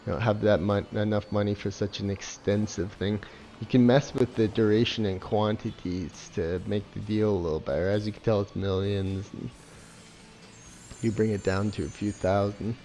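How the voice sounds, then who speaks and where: A man's voice: on the low side, steady tone, normal speed, dark tone, slight background noise. A man giving casual, sarcastic, swear-heavy commentary while playing and reviewing a game. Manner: sarcastic, swears a lot, mocking laughs. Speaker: gameplay reviewer. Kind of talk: casual profane commentary over gameplay.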